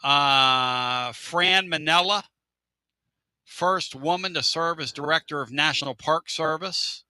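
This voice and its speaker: A middle-aged man hosting a casual sports radio show, joking, with loud outbursts and drawn-out catchphrases. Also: on the high side, clean tone, dry recording.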